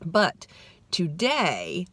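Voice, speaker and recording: A woman's voice: fairly low pitch, wildly swooping pitch, drawn-out words, fairly bright tone, husky. A middle-aged woman hosting a podcast, rambling through a casual, self-deprecating monologue. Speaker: podcast host.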